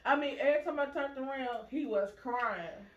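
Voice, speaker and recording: A woman hosting a casual chat, telling stories with animated acted-out quotes. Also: sits high, normal speed. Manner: animated storyteller, acts out quoted voices. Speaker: vlog host. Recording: echoey room, muffled sound.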